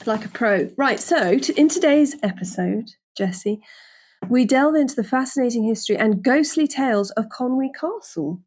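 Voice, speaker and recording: A woman with a slightly high, darkish voice and lively intonation hosts a podcast from a hotel room on a lapel mic. She's chatty and jokey, often correcting herself quickly mid-sentence.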